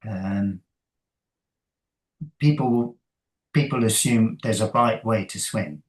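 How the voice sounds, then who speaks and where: A man, a coach and interview guest, talking thoughtfully in a halting way with many fillers and soft laughs. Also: fairly low pitch, low-quality recording. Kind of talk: conversational interview.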